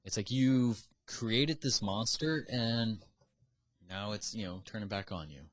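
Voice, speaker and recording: A man's voice: fairly low pitch, unhurried. A man co-hosting a casual podcast, opinionated and ranting, swearing freely as he argues his point. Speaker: podcast co-host. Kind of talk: casual chat.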